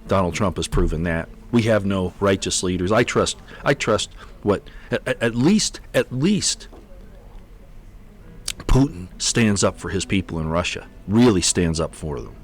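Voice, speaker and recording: A man with a very low voice hosting a livestream. He rambles off the cuff, stumbling and restarting with repeated words, and sounds exasperated. He is on a computer mic. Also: animated, unhurried. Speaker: livestream host. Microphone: computer mic on an unsteady connection.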